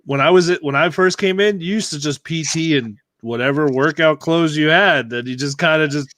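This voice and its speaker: A man co-hosting a podcast in casual banter, excitable and quick to laugh and swear. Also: a little high, no echo. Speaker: podcast co-host.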